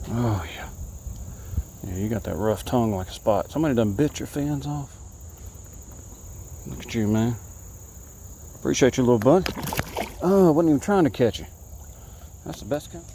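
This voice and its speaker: A man from Alabama, chatting to the camera from a kayak and talking excitedly to the fish he catches. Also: mid-range voice, moderate pace, long pauses, a little hiss or hum. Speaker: fishing vlogger. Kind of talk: casual talk to camera while fishing. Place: kayak on a creek outdoors.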